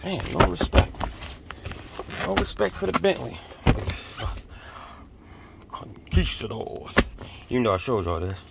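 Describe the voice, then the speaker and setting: A man with a gravelly, creaky voice vlogs from inside his car, preaching in a blunt, profane way. The phone recording picks up a lot of noise from the car. He speaks at an ordinary pitch for a man. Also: sing-song, unhurried, pauses often. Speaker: vlogger. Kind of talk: casual religious rant to viewers.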